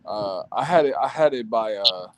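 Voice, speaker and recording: A man guesting on a boxing stream, speaking in slangy, excitable casual chat. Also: fairly low pitch, moderate pace, background noise. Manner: slangy, excitable, laughs easily.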